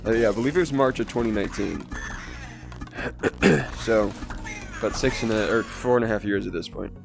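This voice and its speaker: A young man chatting casually on a gaming livestream, his voice hoarse, strained and congested, rambling, chuckling often and talking to his chat. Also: fairly low pitch, brisk. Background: game music underneath.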